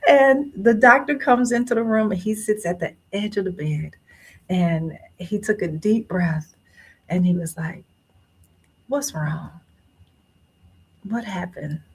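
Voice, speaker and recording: A woman in her thirties, a guest author telling a personal story in a casual, animated way and acting out other people's lines. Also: mid-range voice, a little slow, slightly rough. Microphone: phone or remote line.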